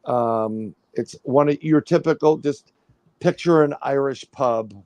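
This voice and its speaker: A man's voice: medium pitch, unhurried, no echo. A middle-aged man telling a story casually on a livestream, rambling with restarts and acting out what people said. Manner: rambling, animated storytelling with restarts and acted-out quotes. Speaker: guest, paranormal researcher.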